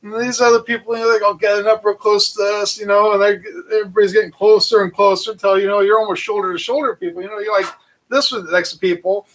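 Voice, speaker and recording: A man casually telling a long, animated story full of fillers and restarts. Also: sits high, fast talker, low-quality recording. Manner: animated, rambling anecdote with frequent fillers. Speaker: channel host.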